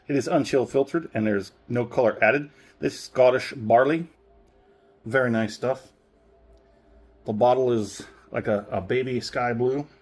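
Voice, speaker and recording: A man's voice: medium pitch, measured pace, a little mellow, breathy edge. A man reviewing a whisky in a casual, rambling way, often correcting himself and chuckling. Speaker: spirits reviewer.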